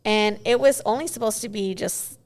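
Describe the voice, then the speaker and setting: A woman's voice: medium pitch, moderate pace, a little mellow. A woman in her forties, a guest in a casual interview, telling stories in a chatty way with many "you know"s.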